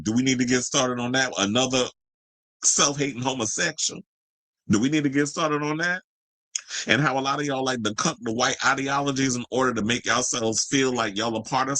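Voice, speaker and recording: Male pop culture commentator, sarcastic and profane, bright voice, dry booth sound. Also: fairly low pitch, no echo, poor audio. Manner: sassy, profane, sarcastic, mocking. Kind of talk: ranting commentary video.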